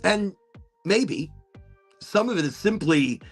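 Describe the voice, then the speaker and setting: A man's voice: high voice, lively intonation, takes it slowly, husky, faint music behind. A man hosting a podcast, musing aloud in a rambling, casual monologue and swearing now and then. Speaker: podcast host.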